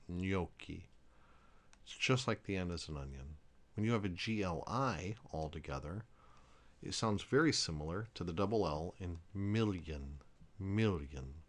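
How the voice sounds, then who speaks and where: A man teaching a language lesson, explaining pronunciation rules carefully and repeating each example word. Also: sits low.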